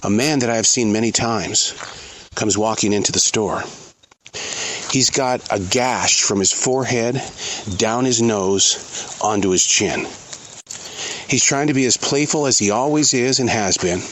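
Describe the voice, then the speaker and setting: A man hosting a podcast, speaking his thoughts out loud while outdoors in a forest, earnest and given to pauses and repeats. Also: on the low side, a little hiss or hum. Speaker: podcast host. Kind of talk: reflective outdoor monologue.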